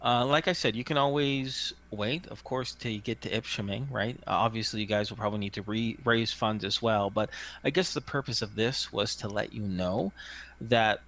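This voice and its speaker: A man's voice: lowish voice, normal speed, a bit bright. A man narrating a tabletop game as game master, chatty and full of restarts. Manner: chatty, many fillers and restarts.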